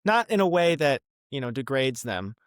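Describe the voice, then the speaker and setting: Male guest, about twenty, relaxed and friendly, mid pitch, dry studio sound. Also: moderate pace, smooth, no echo. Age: 20s. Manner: friendly, easygoing, many ums and uhs. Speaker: podcast guest, student. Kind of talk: casual interview.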